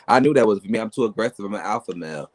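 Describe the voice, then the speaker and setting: Low-voiced man telling animated stories. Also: fast talker, no echo. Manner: boastful, animated storytelling. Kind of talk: casual chat.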